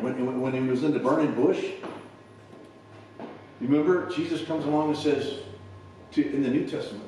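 A man's voice: on the high side, sing-song, moderate pace, mellow, slight background noise. A male preacher giving a conversational sermon, often repeating and restarting his words. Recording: echoey hall from far off.

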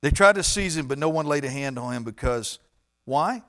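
Animated male preacher, hushed to booming. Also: moderate pace. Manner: animated, swings from hushed to loud and emphatic. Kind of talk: sermon.

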